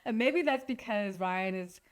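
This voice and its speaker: A woman's voice: mid-range voice, expressive, measured pace. A woman vlogger and filmmaker giving casual, chatty commentary and laughing often as she talks.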